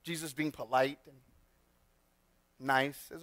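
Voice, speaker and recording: A male pastor giving a sermon in a church, telling personal stories in an animated way and often restarting his sentences. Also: on the high side, measured pace, long pauses, no echo. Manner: animated storyteller with frequent restarts. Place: church sanctuary.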